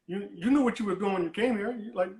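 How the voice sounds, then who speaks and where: Male caller, higher voice, rambling storyteller, roomy echo on the line. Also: fast talker, darkish tone. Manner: rambling, repeats and restarts words, dismissive "whatever". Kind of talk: animated storytelling on a call-in show.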